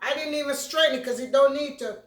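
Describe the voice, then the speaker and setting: A woman's voice: high-pitched, fairly quick, a bit bright, distant mic. A woman chatting through a home cooking vlog, repeating herself and thanking her viewers. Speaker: cooking vlogger. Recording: echoey room, voice off-mic.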